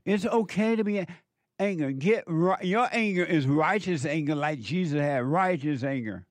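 A man imitating an excited church preacher, preaching emphatically. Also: on the high side, normal speed, dry recording, natural voice. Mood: fired up. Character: fired-up male church preacher.

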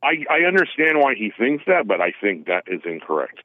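A man calling in by phone, rambling and halting with self-deprecating restarts. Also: fairly low pitch, sing-song, no echo. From California. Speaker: caller. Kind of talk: phone call-in chat. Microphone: telephone. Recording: tinny phone line.

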